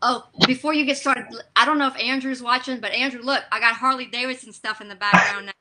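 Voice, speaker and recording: A middle-aged woman, a guest on a video call, telling stories in an animated, emotional way. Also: a little high, fast, a loud crowd. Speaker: guest, drag racer. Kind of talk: casual interview chat.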